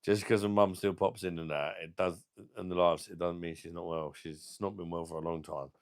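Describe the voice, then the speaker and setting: A man's voice: low voice, fairly even intonation, a little fast, no echo, clean studio sound. A young man, hosting a casual beer channel live stream, swearing freely and talking to viewers. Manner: sweary, emotional, talks to chat viewers.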